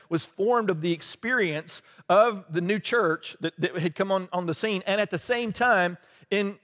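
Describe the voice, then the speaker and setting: High-voiced preacher in a reverberant hall. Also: male voice, a bit bright. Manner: conversational, laughing asides, frequent "right?". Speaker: pastor. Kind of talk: sermon.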